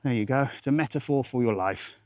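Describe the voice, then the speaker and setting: A man's voice: medium pitch, quick pace, a little mellow, no echo, clean studio sound. A man, chatting rambling and jokey on a live walking vlog outdoors, swearing casually, into a handheld phone. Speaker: travel vlogger.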